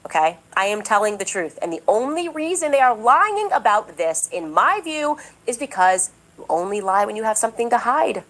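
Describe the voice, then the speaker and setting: A woman's voice: fairly high pitch, very animated, normal speed, a bit bright, rough recording. A woman commentator delivering a podcast monologue, emphatic and indignant, repeating her points insistently. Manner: mocks others in a raised, exaggerated voice. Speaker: political commentator.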